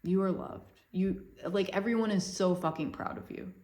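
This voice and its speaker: A woman's voice: mid-range voice, normal speed, mellow. A woman speaking as a spiritual coach in a casual, heartfelt monologue, effusive and full of loose filler words.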